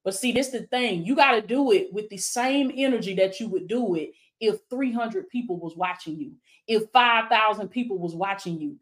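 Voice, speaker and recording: Keeping a moderate pace with few pauses, a woman with a mid-range voice coaches viewers on a live stream. Like a preacher, she fervently repeats affirmations, calls people "baby," and answers them by name in call-and-response.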